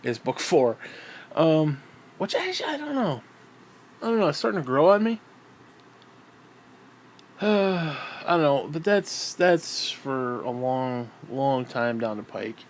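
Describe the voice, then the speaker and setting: A man's voice: on the high side, expressive, slow pace, pauses often, a little hiss or hum. Rambling, foul-mouthed man musing aloud. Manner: profane, meandering, frequent fillers. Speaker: writer talking about his books. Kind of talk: casual rambling monologue.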